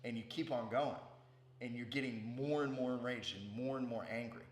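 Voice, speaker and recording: A man's voice: medium pitch, normal speed. A man giving a casual, profane spiritual talk as a meditation teacher, often checking in with "right?". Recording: roomy with faint hum.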